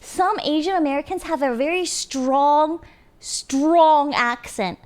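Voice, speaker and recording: A young adult woman streamer in casual chat with her viewers, animated and giggly. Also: sits high, slow pace. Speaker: live streamer.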